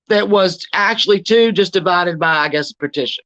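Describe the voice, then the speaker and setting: A woman streaming live talks briskly with few pauses, her lowish voice a bit bright, as she rants bluntly, swears heavily, and welcomes chat viewers. It's casual commentary in dull lo-fi stream audio.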